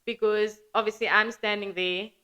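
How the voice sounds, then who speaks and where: A South African woman with a flat local accent, a podcast guest chatting casually and acting out her own past thoughts in quick quoted asides. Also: mid-range voice, smooth. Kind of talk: casual conversational storytelling.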